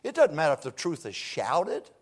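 A man preaching a revival sermon in a church, folksy and joking, pleading softly one moment and shouting from afar the next. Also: fairly high pitch, huge pitch swings, normal speed. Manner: swings from hushed pleading to far-off shouting. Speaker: guest preacher. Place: church sanctuary.

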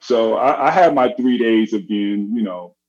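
Animated storytelling man, dull audio. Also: on the low side, measured pace. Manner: animated, acts out quoted voices. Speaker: guest. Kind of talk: casual storytelling.

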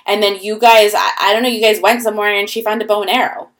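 A woman's voice: mid-range voice, little pitch movement, fast talker, fairly bright tone. A woman co-hosting a podcast who talks in an upbeat, conversational way. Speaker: podcast co-host. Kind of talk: casual chat.

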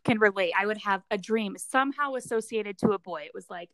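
This young woman co-hosts a podcast with a brisk, somewhat bright mid-range voice, chatting loosely, telling stories, and laughing often. The recording is dry.

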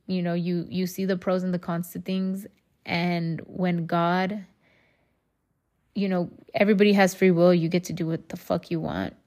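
Fairly low and darkish in tone, this woman's voice carries a casual solo podcast monologue. As host, she speaks candidly, rambles, swears freely, and addresses her listeners as y'all.

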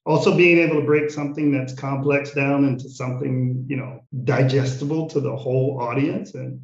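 A man on a panel giving direct, clearly listed answers over remote audio. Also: medium pitch, steady tone, moderate pace. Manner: direct, listing points clearly. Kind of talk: conversational panel discussion. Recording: dull, roomy remote audio.

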